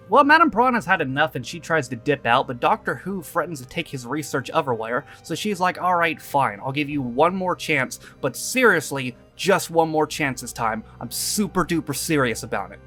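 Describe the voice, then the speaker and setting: A sarcastic movie reviewer narrates a comedic recap, tossing in profanity and mock exasperation. The delivery swings widely in pitch as the jokes land. Faint music plays underneath. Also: fairly bright tone. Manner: riffs with goofy quoted voices for characters.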